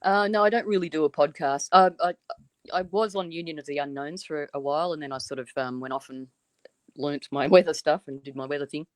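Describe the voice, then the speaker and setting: A woman's voice: low-pitched, fairly quick, no room sound. An Australian woman chatting easily as a guest on a podcast. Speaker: podcast guest, weather show creator. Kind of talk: casual chat.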